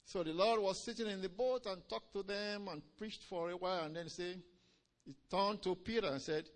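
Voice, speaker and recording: A man preaching a sermon, swinging between loud emphatic lines and low quiet ones, drawing out key words and calling "Amen?" to the congregation. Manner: drawn-out stresses on key phrases.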